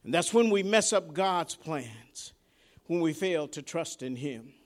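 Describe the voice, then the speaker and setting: A preacher delivers a sermon in a high, lifted voice with lively intonation and an unhurried pace. He speaks conversationally, as if chatting with his congregation, repeating words and restarting as he gathers his thoughts. His delivery swings sharply from hushed asides up to shouted climaxes.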